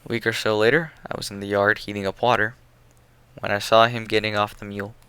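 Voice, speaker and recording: A man reading an audiobook, telling the story in a plain, steady first-person voice. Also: on the low side, fast, smooth, dry recording. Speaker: audiobook reader. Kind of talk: audiobook narration.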